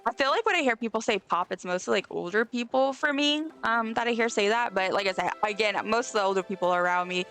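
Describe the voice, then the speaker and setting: A woman's voice: on the high side, fast, hardly any pauses, a bit bright. A young woman from the States, chatting casually and rambling with lots of fillers while she plays a game on a live stream. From Southern United States.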